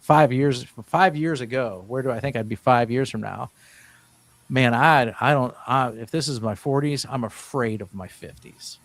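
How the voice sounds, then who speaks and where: A man's voice: on the low side, creaky, dry recording. A man in his fifties, a guest in an interview, telling his story in an earnest, rambling way with many restarts. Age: 50s. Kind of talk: casual interview talk.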